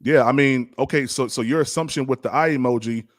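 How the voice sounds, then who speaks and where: A man's voice: medium pitch, brisk, dry recording, studio quality. A man, a pastor defending himself in a casual debate, stammering and laughing things off. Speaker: pastor and podcast guest.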